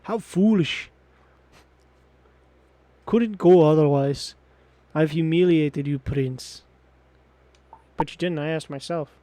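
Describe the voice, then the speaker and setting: A man's voice: a little high, slow, pauses often, warm tone. A man voicing a clever, scheming male village chief in a game, in a theatrical put-on Scottish accent that drifts.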